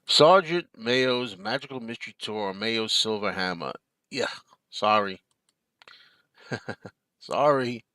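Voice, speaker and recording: A man's voice: lowish voice, lively intonation, slow, pauses often, bright, forceful tone, dry recording. A man hosting a live stream from his desk at home. He chats casually and reads out viewer comments, answering them in an easygoing way and chuckling often. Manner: easygoing, chuckling, talks back to chat.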